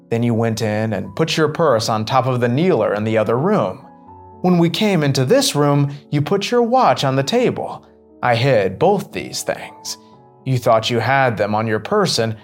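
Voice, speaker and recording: A man voicing a clever young boy who explains himself frankly and calmly. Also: mid-range voice, lightly acted. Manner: frank and unruffled.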